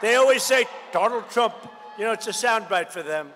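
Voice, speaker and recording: A man in his seventies gives a combative rally speech, piling up repeated phrases and jabs. His voice sits high and sounds sharp and forceful. It rings out with a long reverb through a big hall, with a faint hiss underneath. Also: animated, normal speed. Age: 70s. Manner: combative, repetitive, riffing off the crowd. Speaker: political candidate. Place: large indoor expo hall.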